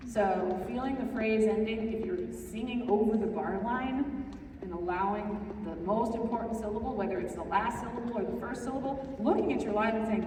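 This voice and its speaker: A woman's voice: mid-range voice, moderate pace, darkish tone, slight background noise. A woman leading a songwriting workshop, explaining step by step, checking in with "right?" and now and then singing a short example line. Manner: sings short example phrases. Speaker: songwriting teacher. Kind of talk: workshop lecture. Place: classroom. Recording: echoey room from a distance.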